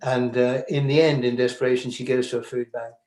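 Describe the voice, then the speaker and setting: British guy talking slow and careful, lots of restarts, echoey room. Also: mid-range voice, flat delivery, darkish tone. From Britain. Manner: hesitant, thoughtful, many restarts. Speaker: filmmaker guest. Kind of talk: conversational talk. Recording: roomy echo.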